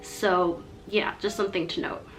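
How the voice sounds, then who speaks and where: A woman's voice: on the low side, fairly even intonation, moderate pace, faint music behind. A young adult woman, a college student, talking through a casual advice vlog in a chatty, rambling way, often saying "like". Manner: chatty and rambling, heavy use of "like".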